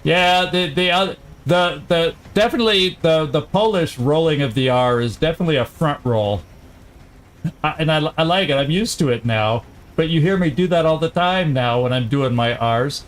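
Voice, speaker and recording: A man hosting a let's-play, chatting casually and thinking aloud as he plays, quick to laugh. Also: a little high. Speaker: gaming channel host.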